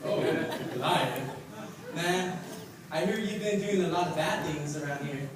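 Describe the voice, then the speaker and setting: A man's voice: on the high side, normal speed, background noise, natural voice. A man playing a boastful young shepherd hero in a live church skit, talking playfully and laughing often. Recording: echoey hall, distant mic, loud crowd.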